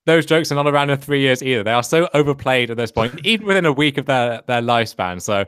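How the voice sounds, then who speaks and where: A man's voice: medium pitch, expressive, fairly bright tone, clean tone, no room sound, studio quality. A man on a video call as a guest panelist, talking emphatically with a teasing edge. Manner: quick, emphatic, a bit teasing. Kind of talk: casual panel discussion.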